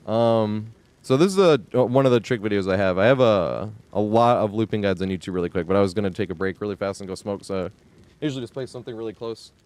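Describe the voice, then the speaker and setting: A man streaming a game live, ranting in exasperation with frequent swearing and yelling at the screen in bursts. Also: fairly low pitch, quick pace, clean tone, no echo. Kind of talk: live gameplay commentary.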